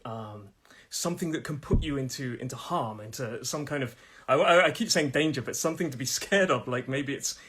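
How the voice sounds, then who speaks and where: A man with a British accent teaching English pronunciation on a live stream from his phone, chatty and laughing often, slowing down to repeat each word with its stress. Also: fairly high pitch, a bit bright, breathy edge. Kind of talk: live-streamed language lesson.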